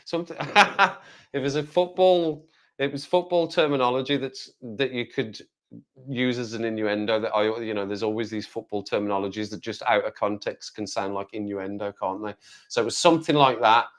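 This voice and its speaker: On his live stream, a man from the West Midlands, England, casually rambles while answering viewers, his Black Country accent clear. He speaks at normal speed, with a low-side voice and a steady tone.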